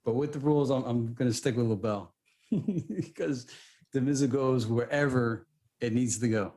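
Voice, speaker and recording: A man co-hosting a podcast, telling a story in casual chat with lively restarts. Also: medium pitch, normal speed. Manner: animated storytelling, restarts often. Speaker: podcast co-host.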